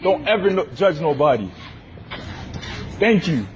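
A man filming on his phone inside a large store, loudly and insistently confronting staff who follow him. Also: a little high, very animated, unhurried. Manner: loud, insistent, repeating demands. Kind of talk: heated filmed confrontation. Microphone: handheld phone recording.

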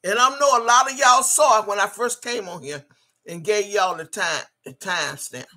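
A woman with a mid-range voice hosts a livestream at a normal pace, her tone sharp. She rants angrily, profane, combative and repetitive, while reading out messages from viewer chat.

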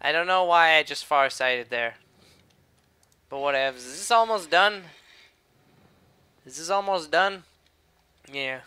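A man's voice: a little high, a little slow, pauses often, bright, forceful tone, clean tone. Rambling young man commentating a game. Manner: rambling, sarcastic, talks back at the game. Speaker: gameplay commentator. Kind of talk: casual let's-play commentary.

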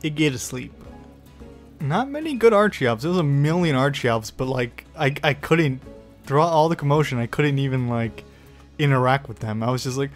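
A man giving excitable let's play commentary, swearing often and taunting the creatures on screen. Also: medium pitch, normal speed, soft background music. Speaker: gaming YouTuber.

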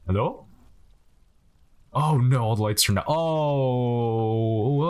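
A man's voice: medium pitch, takes it slowly, long pauses, noisy background. A young man giving joking, casual commentary while playing a game, chatting to the characters on screen. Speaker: gaming commentator. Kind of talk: casual let's-play commentary.

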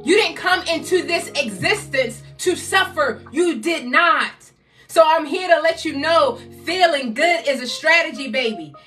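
Woman in her 50s, motivational speaker, loud and exhorting, high bright voice, distant mic, faint music behind. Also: animated, unhurried. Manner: loud, exhorting, repeats rallying phrases. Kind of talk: live-stream motivational talk.

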